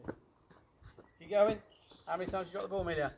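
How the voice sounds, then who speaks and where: An energetic man coaching young children through a ball-handling game on an outdoor pitch. His voice sits a little high, and he keeps the tone encouraging and playful. A faint background noise runs under the recording. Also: fast talker, gravelly.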